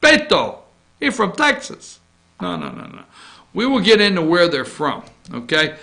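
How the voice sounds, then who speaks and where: A man's voice: high voice, a little slow, creaky. A man hosting a casual opinion show, rambling through a list with jokes and asides. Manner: joking, rambling, animated, with asides. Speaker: host.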